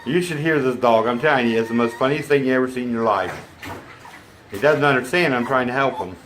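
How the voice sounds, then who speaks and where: This man vlogs from inside his home as a homesteader, chatting to camera in a rambling way and cooing at his dogs. His medium-pitched voice is fairly quick and fairly bright, with a little hiss or hum.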